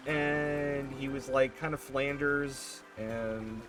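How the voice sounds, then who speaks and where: A man's voice: mid-range voice, steady tone, takes it slowly, over music. A man streaming a game while telling rambling, self-correcting stories about work. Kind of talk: casual chat while gaming.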